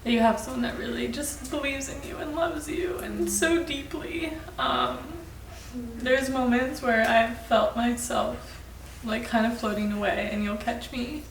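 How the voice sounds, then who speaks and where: Woman getting emotional at a birthday toast, high-ish voice, far from the mic, noisy background. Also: measured pace. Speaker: friend giving a birthday toast. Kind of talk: emotional casual chat. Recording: echoey room, far mic, background noise.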